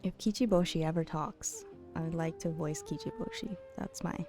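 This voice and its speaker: A woman streaming a game late at night, chatting casually and playfully with her viewers, teasing and giggling and sometimes dropping to a hush. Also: fairly low pitch, huge pitch swings, normal speed, music in the background. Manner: drops to a hushed late-night voice at times. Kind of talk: casual chat with live viewers.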